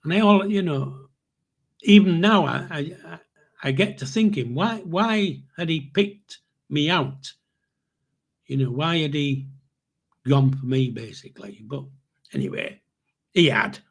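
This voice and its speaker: Older male podcast host with a husky voice, rambling storyteller. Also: a little high, expressive, a little slow, long pauses. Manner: rambling, with restarts and chuckles. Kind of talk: casual storytelling.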